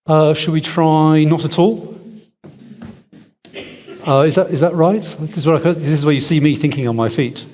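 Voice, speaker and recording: A man's voice: on the high side, steady tone, moderate pace, pauses often, a little mellow. A man answering audience questions at a church event, thinking aloud with restarts and wry asides. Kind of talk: conference Q&A answers. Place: large hall with audience. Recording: echoey hall.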